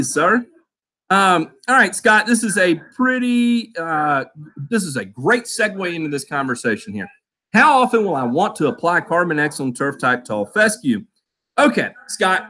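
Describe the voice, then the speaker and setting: A man hosting a live lawn care show, reading out chat names with loud, playful shout-outs. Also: high-pitched. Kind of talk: live stream chat roll call.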